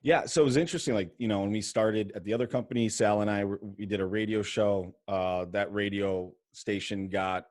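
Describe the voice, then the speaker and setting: A man with a fairly low voice, talking loosely and casually on a video call. The sound is dry and close, with little room around it. He rambles a bit and restarts his sentences often. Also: steady tone, a little mellow, no echo. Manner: quick and loose, lots of fillers and restarts. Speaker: mortgage lender and podcast host. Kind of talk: casual interview on a livestream. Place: home podcast studio.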